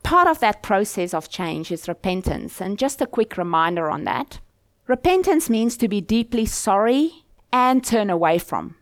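A woman's voice: mid-range voice, normal speed, no echo. Earnest woman preaching, dry close sound. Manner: earnest and steady, posing questions to the listeners. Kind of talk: sermon.

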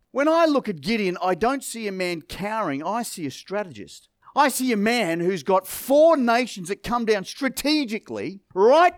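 A man preaching a sermon, emphatic and dramatic, dropping to a hush and then building to forceful declarations. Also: extremely high pitch, no echo, clean studio sound.

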